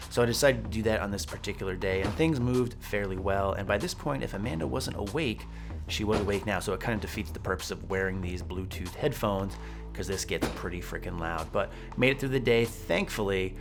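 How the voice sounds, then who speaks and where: A young man chatting casually in a training vlog, laid-back and joking, with the odd swear word. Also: lowish voice. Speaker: powerlifting vlogger.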